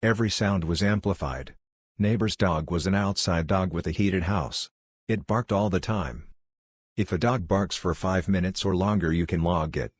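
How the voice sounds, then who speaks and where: A man reading online posts aloud in a flat, even narrating style. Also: low-pitched, moderate pace, breathy edge, no room sound, studio quality.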